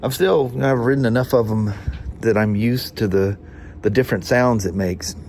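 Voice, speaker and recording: A man whose nasal voice sounds like hay fever rambles casually as a motorcycle mechanic in his workshop vlog, restarting sentences and chuckling a little. His lowish voice is a bit mellow and moves at a moderate pace, over a little hiss or hum.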